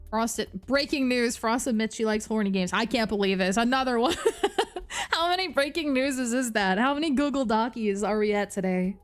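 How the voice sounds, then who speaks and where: A young woman streamer with a New Jersey accent chats loosely with her viewers, reading their comments aloud. Her voice sits a little on the high side, and she giggles a lot and swears freely. Soft music plays quietly under her talk. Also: normal speed. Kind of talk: casual live-stream chat, reading chat aloud. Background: faint background music.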